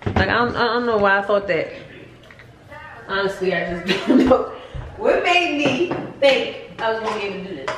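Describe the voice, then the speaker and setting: A woman's voice: mid-range voice, sing-song, measured pace, long pauses. A woman, chatting casually in a home vlog, laughing and venting her frustration. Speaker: vlogger. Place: house, indoors. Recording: echoey rooms, household noise.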